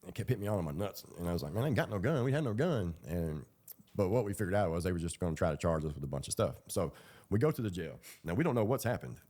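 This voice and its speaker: A man's voice: sits low, expressive, rapid-fire, mellow. A man telling his own story in a loose, rambling, colloquial way. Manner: rambling, colloquial, with fillers and laughs. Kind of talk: casual storytelling.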